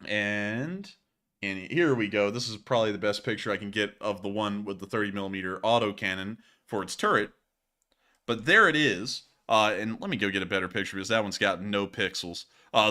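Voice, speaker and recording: Guy talking over war clips, bright tone, easygoing and jokey, says y'all a lot. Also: fairly low pitch. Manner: chatty, joking, says y'all. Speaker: war news host. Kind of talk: casual news commentary over footage.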